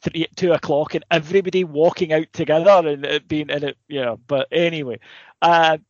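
A man with a fairly high voice spins a story in loose podcast chat, swearing and throwing in asides as he goes. The sound is muffled and lo-fi, and very dry with no room around it. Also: steady tone, moderate pace, no room sound. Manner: swears freely, builds a story with asides and repeated "right?". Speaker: podcast co-host. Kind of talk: casual chat, anecdote telling.

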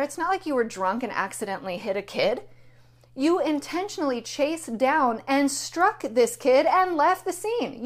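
A woman giving an indignant, emphatic political opinion monologue, repeating her key phrases. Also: sits high. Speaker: political commentator.

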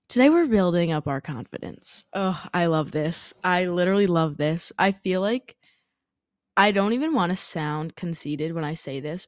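A woman's voice: on the low side, dry recording, clean studio sound. A young woman hosting a podcast, chatting candidly and casually with lots of "like" and casual swearing, a little under the weather. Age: young adult. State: congested, fighting off sickness. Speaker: podcast host. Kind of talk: casual solo podcast chat.

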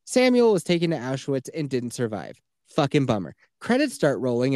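A man's voice: medium pitch, darkish tone, dry recording, clean studio sound. A man co-hosting a podcast, casually retelling a video game's story with loose phrasing, swearing and quoted lines. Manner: loose, swearing, quotes characters in his own voice. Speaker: podcast co-host.

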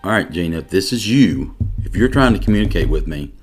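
A middle-aged man, a police detective, telling a personal story in an interview in an earnest, emotional way with halting restarts. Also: deep voice, animated, faint music behind.

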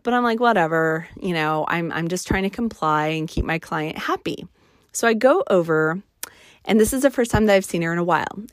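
A professional organizer telling a story in a casual, animated way, acting out the dialogue with indignation. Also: female voice, on the low side, no room sound, clean studio sound.

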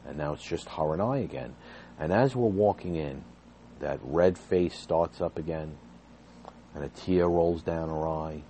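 A man with a deep, warm, soft-edged voice tells a personal story. His delivery is earnest and agitated, climbing in intensity as he relives events. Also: measured pace, a little hiss or hum. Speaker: fired behavior therapist telling his story.

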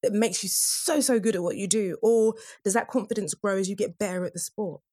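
A woman hosting a podcast chat, asking probing questions and telling stories in an animated way. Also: medium pitch, fairly quick, dry recording, studio quality. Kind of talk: casual chat.

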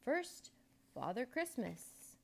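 A woman voicing a tall, stern male stage magician who booms commands and hisses slow threats while reading a storybook aloud. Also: sing-song, gravelly, full character voice. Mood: booming.

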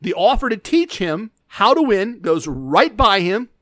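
A man's voice: high voice, big pitch swings, a little slow, a bit bright, no room sound. A man telling a casual story about a gambling table, wry and self-deprecating, acting out the dialogue of the people in it.

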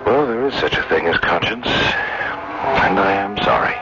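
A man's voice: low-pitched, expressive, unhurried, over loud music. An actor playing a nervous husband who killed his wife, stammering and disbelieving, in old-time radio drama style. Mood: brooding. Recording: hissy lo-fi old radio recording.

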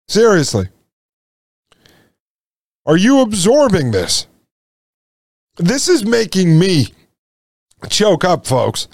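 Fired-up guy ranting to his folks, slightly high voice, dead dry sound. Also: huge pitch swings, slow pace, pauses often, no echo. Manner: indignant, repeats lines, addresses listeners as folks. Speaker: podcast host. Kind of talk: impassioned commentary.

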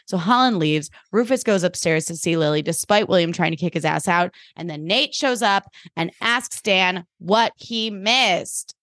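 A woman co-hosting a podcast, retelling a TV episode in a casual, animated way and slipping into quoted voices. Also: fairly low pitch, normal speed, few pauses, no room sound, studio quality. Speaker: podcast co-host. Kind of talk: casual TV recap chat.

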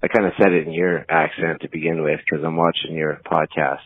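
Very deep-voiced canadian guy leaving a voicemail, halting and earnest, tinny phone line. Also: flat delivery, breathy edge, dry recording. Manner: halting and earnest, with pauses and fillers. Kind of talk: heartfelt voicemail message.

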